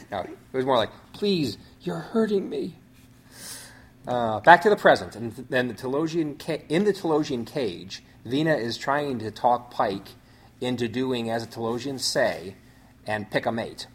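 A man hosting a show, reading out a story synopsis in measured phrases with small restarts. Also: mid-range voice, a bit bright, slightly rough.

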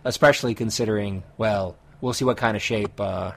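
A man co-hosting a podcast, reading a steady story recap and then chatting with a few fillers. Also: lowish voice, fairly quick, gravelly, a little hiss or hum. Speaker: podcast co-host summarizing comics. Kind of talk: recap narration and casual chat.

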